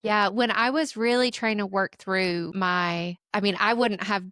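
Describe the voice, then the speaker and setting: A woman of middle pitch hosts a podcast and opens up about her own experience, speaking earnestly and reflectively. Her voice sounds dry and close to the mic. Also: fairly even intonation, unhurried, fairly bright tone, clear, resonant tone, no echo. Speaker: podcast host. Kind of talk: conversational interview.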